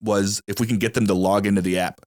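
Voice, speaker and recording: A young adult man hosts a podcast, chatting casually and telling stories at a fast clip in a lowish voice. He's an animated storyteller who acts out the voices of the people he quotes.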